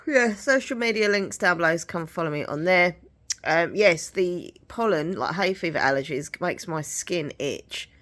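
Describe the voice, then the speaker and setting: A woman's voice: fairly low pitch, lively intonation, normal speed, a bit bright. Chatty woman with a nasal voice. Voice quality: nasal from hay fever. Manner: chatty, rambling, giggly. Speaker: vlogger. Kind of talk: casual home vlog chat. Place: home.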